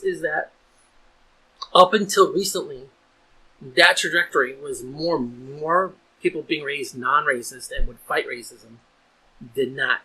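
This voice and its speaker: Husky, bright-voiced man on a podcast. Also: on the high side, poor audio. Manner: earnest, repeats words while building an argument. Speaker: podcast host. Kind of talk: casual podcast discussion.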